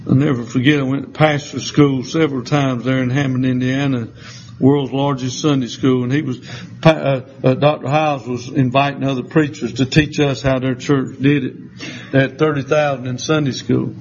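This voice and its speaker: A man preaching a sermon, telling folksy stories in an animated, down-home way. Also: mid-range voice, normal speed. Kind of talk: sermon with storytelling. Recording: slightly muffled recording with faint background hiss.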